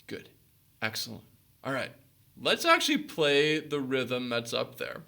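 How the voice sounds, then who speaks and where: Music teacher guy walking kids through recorder basics, bright voice, lots of "excellent"s. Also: medium pitch, sing-song, measured pace, vocal fry. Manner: encouraging, instructional, praises often. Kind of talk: recorder lesson for children.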